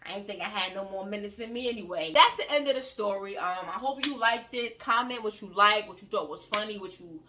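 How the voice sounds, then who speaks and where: A young woman vlogger telling a story to camera in a casual, slangy, animated way, acting out the scenes as she goes. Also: mid-range voice, fairly quick, few pauses, noisy background.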